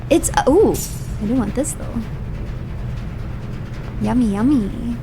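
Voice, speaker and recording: A woman's voice: fairly high pitch, takes it slowly, long pauses, soft background music. A woman streaming a game live. She reads hints aloud, then rants in playful mock outrage and repeats phrases for comic effect. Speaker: virtual streamer.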